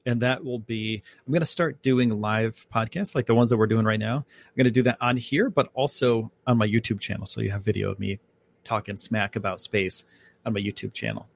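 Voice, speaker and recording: Male podcast host, gravelly voice, casual rambling chat, lots of fillers. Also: lowish voice, steady tone, brisk. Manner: rambling, loose and chatty with many fillers.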